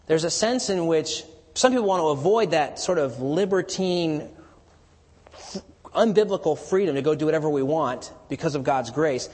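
A man with a somewhat high, husky voice preaches verse by verse, building to ringing emphatic declarations and then sinking low. His voice carries a long reverb, as if he is speaking in a large hall. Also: expressive, normal speed, a little mellow. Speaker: pastor. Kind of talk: expository sermon.

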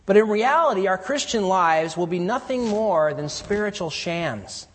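A man preaching a sermon in an earnest way, swinging between loud emphasis and hushed, quiet lows. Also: expressive, unhurried. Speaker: pastor. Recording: reverberant hall.

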